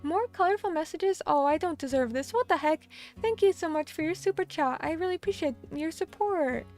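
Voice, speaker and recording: A woman's voice: very high-pitched, lively intonation, a little fast, a little mellow, soft background music. A young adult woman chatting casually on a live stream, effusive and thankful, often tripping over her words. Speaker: vtuber streamer.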